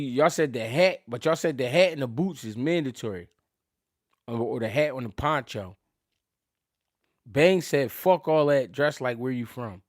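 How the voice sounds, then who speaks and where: Brief: Philly-male host, gravelly low-key voice, slangy live-stream banter, dry close mic. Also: no room sound. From Philadelphia. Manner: slangy, laughing, swings from loud to mumbled. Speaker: boxing channel host. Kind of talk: casual live-stream chat.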